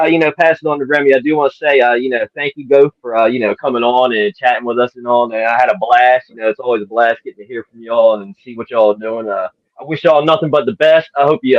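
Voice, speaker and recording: A man's voice: mid-range voice, dry recording. Podcast co-host guy rambling with lots of uh and you know, dull dry lo-fi sound. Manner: rambling, full of fillers. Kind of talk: casual interview chat.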